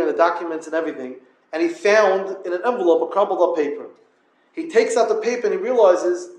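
High-pitched man giving a yeshiva talk. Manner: storytelling, addresses listeners directly; Yiddish-inflected yeshivish English. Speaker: yeshiva lecturer. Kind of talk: Torah talk to yeshiva students. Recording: echoey room.

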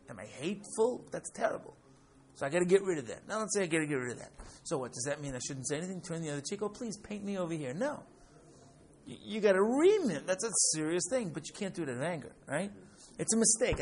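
A man teaching a class, lecturing in an animated way and often checking in with "right?" while acting out examples. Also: a little high. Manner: animated, keeps asking "right?"; acts out examples with rising excitement.

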